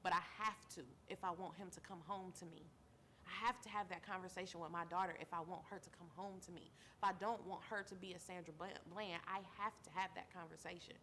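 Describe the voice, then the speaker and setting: A woman's voice: on the low side, fairly even intonation, fast, bright, forceful tone, slight background noise. Tired woman host speaking earnestly. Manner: earnest, repeats phrases for emphasis, calls listeners baby. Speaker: show host; mother. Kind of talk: heartfelt talk-show monologue.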